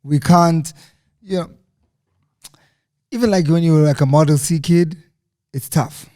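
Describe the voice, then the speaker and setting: A man from South Africa hosting an interview, relaxed and slangy, agreeing with his guest. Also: on the high side, measured pace. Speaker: interview host. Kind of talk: casual interview chat.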